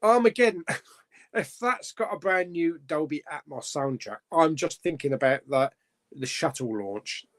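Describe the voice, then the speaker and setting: Chatty man, lively voice. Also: on the high side, unhurried. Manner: chatty, chuckles often, rambling with fillers. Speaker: live stream host. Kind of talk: casual live chat reading viewer comments.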